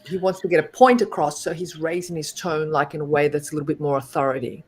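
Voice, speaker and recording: A woman's voice: sits low, fairly even intonation, fast, husky. A woman hosting a podcast, supportive and asking probing follow-up questions. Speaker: podcast host. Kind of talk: casual interview conversation.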